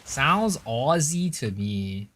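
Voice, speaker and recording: A man's voice: mid-range voice, big pitch swings, drawn-out words, fairly bright tone. An American man streaming, chatting casually, rambling through restarts and answering chat. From United States.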